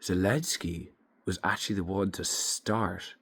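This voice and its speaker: A man's voice: low voice, steady tone, unhurried, a bit bright, husky. A young man giving a blunt, emphatic opinion monologue to camera, swearing freely. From Ireland. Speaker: vlogger.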